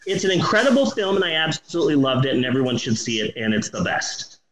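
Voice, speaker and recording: A man in his forties reviews a movie on a podcast with eager enthusiasm, animated and swearing often. His mid-range voice is fast, and the poor audio carries an echoey room and a loud crowd.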